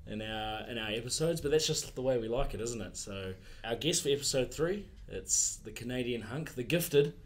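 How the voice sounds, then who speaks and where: A man's voice: mid-range voice, lively intonation, normal speed, few pauses. A man with a New Zealand accent hosting a podcast, jokey and upbeat. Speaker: podcast host. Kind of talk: casual podcast chat.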